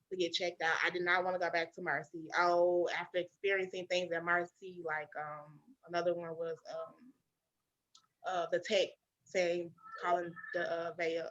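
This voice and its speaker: A woman's voice: medium pitch, dull audio. A woman podcast host telling a personal story in candid, emphatic talk, full of fillers and asides to her listeners. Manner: animated, emphatic, many fillers and y'all asides.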